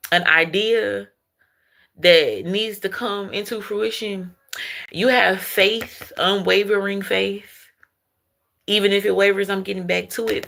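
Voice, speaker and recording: A woman talks her way through an intuitive card reading in a loose, chatty manner. Her mid-pitched voice has a gravelly edge of vocal fry. She calls the listener baby and often checks that they understand. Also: a bit bright. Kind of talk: casual spiritual card-reading monologue.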